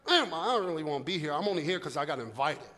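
A man preaching plays a calm, reluctant grown man with a casual, offhand way of talking, in a sermon with a long hall echo. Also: fairly high pitch, quick pace, pitched below the performer's own voice. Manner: offhand, casual, a bit curt.

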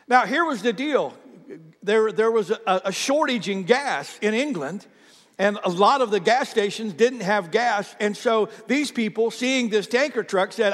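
A man preaching a sermon as a pastor, telling stories with animated energy and speaking straight to his congregation. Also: high voice, a little slow, in a large hall.

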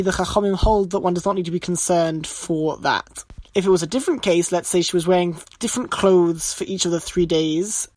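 A man teaching a text-study lesson, reading short phrases of the text and then explaining each one in a measured, explanatory way. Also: high-pitched, no room sound. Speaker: Torah teacher.

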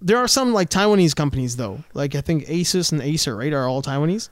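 A man co-hosting a casual podcast chat, animated and joking, often breaking into restarts. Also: fairly high pitch, quick pace, no echo, clean studio sound. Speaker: podcast co-host.

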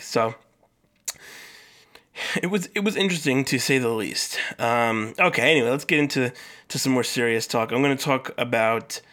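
A young man hosting his own podcast, telling a story in a casual, animated way, swearing freely and acting out the people he talks about. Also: medium pitch. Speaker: podcast host.

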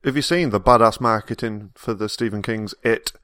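A man's voice: lowish voice, normal speed, bright, forceful tone, smooth, no echo, clean studio sound. A man with a British accent co-hosting a casual film review podcast, bantering and telling stories with frequent laughs. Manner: banter, storytelling, laughs often. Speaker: podcast co-host.

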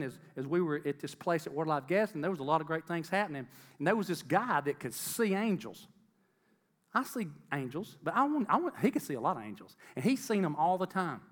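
A man's voice: on the high side, long reverb tail. A middle-aged man giving an earnest testimony sermon to a congregation, repeating phrases for emphasis and calling out to the crowd. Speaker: lay preacher.

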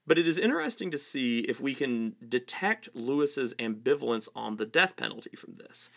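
Man narrating a video essay, dry wit, lively pitch, gravelly. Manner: dry, wry humor.

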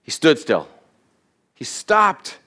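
A male pastor giving a sermon in a loose, conversational way, often acting out quoted voices with sudden jumps up in pitch. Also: wildly swooping pitch, slow pace, pushed and bright.

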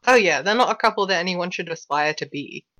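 A woman's voice: on the low side, lively intonation, fast talker, pushed and bright, no echo, muffled recording. A woman co-hosting a podcast, giving blunt opinions in casual talk about films. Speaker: podcast co-host.

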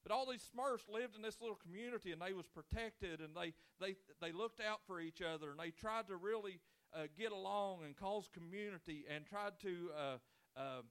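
A man's voice: high-pitched, normal speed, fairly bright tone, clear, resonant tone. A man in his forties, a pastor preaching a sermon with folksy, joking storytelling and casual grammar. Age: 40s.

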